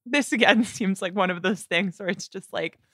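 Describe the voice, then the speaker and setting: A woman co-hosting a podcast chats casually and playfully about an album, laughing now and then. Her mid-range voice has a fairly bright tone and a moderate pace, captured in a dry, studio-quality recording.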